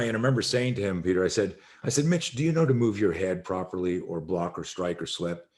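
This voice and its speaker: Middle-aged guy, lowish voice, tells a self-defense story with lots of acted-out lines and swearing. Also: animated, fast, hardly any pauses, a little mellow. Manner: acts out quoted voices, swearing, emphatic. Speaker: self-defense instructor, podcast guest. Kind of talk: animated storytelling interview.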